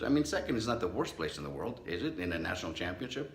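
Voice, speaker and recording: A man's voice: sits low, sing-song, fast talker. Man, middle-aged, psychologist, motivational talk, acts out the voices he quotes, echoey room. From Southern California. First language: not English. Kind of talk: motivational talk with personal story.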